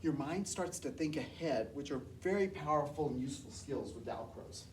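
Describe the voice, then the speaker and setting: A woman music teacher, enthusiastic and lively, explaining and leading a workshop. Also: deep voice, moderate pace, distant mic.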